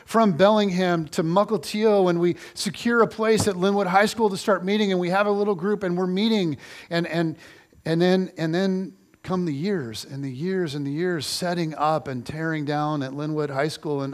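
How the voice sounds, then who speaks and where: Middle-aged man, pastor, sermon, slightly high voice, animated storytelling, repeats phrases. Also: moderate pace.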